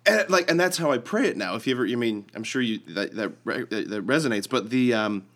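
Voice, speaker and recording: A man co-hosting a casual faith podcast, chatty and full of "like", acting out quoted lines with a lifted voice. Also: a little fast. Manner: animated, acts out quoted lines with rising pitch; lots of "like" and restarts. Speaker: podcast co-host.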